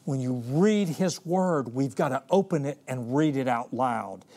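A man preaching a sermon, reading scripture slowly and retelling the story in vivid everyday words. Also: mid-range voice, expressive, a little mellow.

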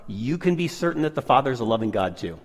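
A man's voice: mid-range voice, very animated, quick pace, in a large hall. A man co-presenting a sermon, affirming the preacher and reading scripture aloud.

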